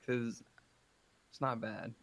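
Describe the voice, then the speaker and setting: A man's voice: medium pitch, fairly even intonation, slow, gravelly, a bit bright, no room sound. A man who is a guest on a gaming video, chatting casually in a laid-back, teasing way. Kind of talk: casual chat.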